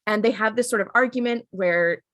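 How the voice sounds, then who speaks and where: A woman's voice: mid-range voice, fairly quick, a bit bright. A woman co-hosting a podcast, recapping a TV episode in casual, filler-heavy chat. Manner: chatty, filler-heavy, retells scenes with quoted lines. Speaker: podcast co-host.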